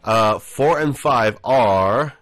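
A man's voice: medium pitch, drawn-out words, a bit bright, no room sound. A man from Oman co-hosting a radio show in casual chat, joking and laughing often. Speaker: radio co-host.

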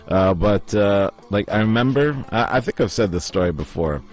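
A man's voice: lowish voice, lively intonation, moderate pace, faint music behind. A man from Oman co-hosting a casual chat, telling stories and acting out what people said. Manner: storytelling, puts on voices when quoting people. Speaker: podcast co-host.

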